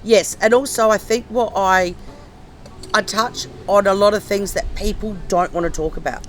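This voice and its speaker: A middle-aged woman guest, hoarse and husky from laryngitis, chatting casually with lots of ums and restarts. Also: medium pitch, moderate pace, faint music behind, rough recording. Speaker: comedian guest. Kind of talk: casual chat.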